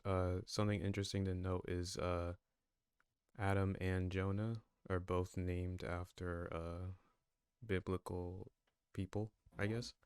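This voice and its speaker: A podcast co-host offers measured, slightly hesitant comments. The voice sits very low and sounds smooth and resonant. The recording is dry and close. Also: level tone, a little mellow, no echo. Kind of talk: casual discussion.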